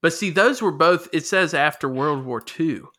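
A man co-hosting a casual chat, laughing often and telling stories in an animated way. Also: on the high side, normal speed.

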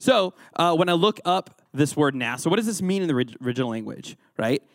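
Youth pastor, male, upbeat and jokey, quizzes the room, slightly higher voice, dry close sound. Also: animated, fairly quick, no room sound. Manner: playful, joking, quizzes the audience. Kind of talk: interactive Bible lesson sermon.

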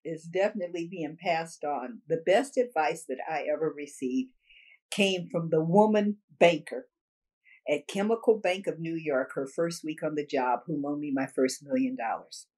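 Older woman, interviewee, animated storyteller who repeats her key points and laughs often; voice a bit low. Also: normal speed, husky. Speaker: interviewee, businesswoman.

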